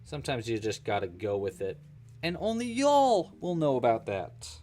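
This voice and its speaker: Casual male livestream host, joking and thinking out loud, very animated melody. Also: mid-range voice, moderate pace, faint music behind. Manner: chatty, joking, thinks aloud while working. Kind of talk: casual live crochet-along chat.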